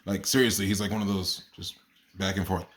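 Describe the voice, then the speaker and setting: A man's voice: low voice, flat delivery, fairly quick, fairly bright tone. A man who teaches kindergarten, telling stories about his class in a casual video diary, rambling and correcting himself and laughing at his own stories. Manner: rambling, self-correcting storyteller.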